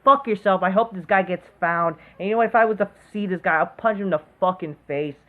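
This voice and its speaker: A woman ranting furiously into the camera for her online commentary show. She swears nonstop and stumbles through fillers and restarts as her anger spills over. Her voice sits at an ordinary middle pitch. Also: brisk, phone-quality sound. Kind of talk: angry profane rant to camera.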